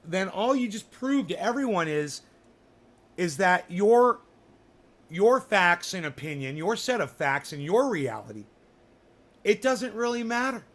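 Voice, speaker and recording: A man with a high, bright voice hosts a casual livestream chat. He rambles and swears freely, and his sarcastic asides spill out in loose, restarted sentences. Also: sing-song, unhurried. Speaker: livestream host.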